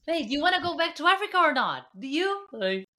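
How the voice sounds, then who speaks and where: Lively-voiced woman co-host. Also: high voice, fairly quick. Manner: reacts with short backchannels and questions. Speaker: podcast co-host. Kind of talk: casual chat.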